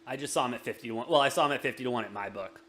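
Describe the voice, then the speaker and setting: A male host of a casual sports betting show. He talks fast in bursts and laughs a lot. His voice sits at a middle pitch, with faint noise underneath. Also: fairly bright tone. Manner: quick, jokey, laughs often. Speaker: podcast host.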